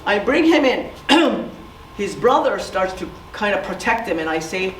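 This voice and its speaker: Speaking at a community presentation, a middle-aged woman shares stories and poses questions to the audience at a fairly quick clip in a medium-pitched voice. The recording, made from a distance in an echoey room, has a little hiss or hum.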